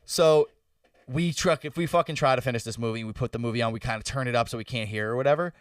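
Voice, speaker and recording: Young male podcast co-host: lively, profane storyteller, recorded dry and a little off-mic. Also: mid-range voice, fast talker, no room sound, far from the mic. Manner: animated storytelling, swearing freely. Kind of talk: casual chat. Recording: dry sound, a bit off-mic.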